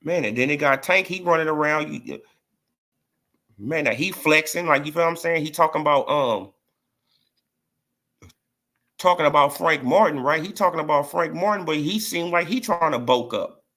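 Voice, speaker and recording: A man's voice: fairly high pitch, moderate pace, long pauses, bright, forceful tone. A man ranting casually about boxing as a vlog host, mocking and repetitive, often asking "right?" and "you feel what I'm saying". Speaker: boxing commentator vlogger. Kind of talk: casual opinion rant.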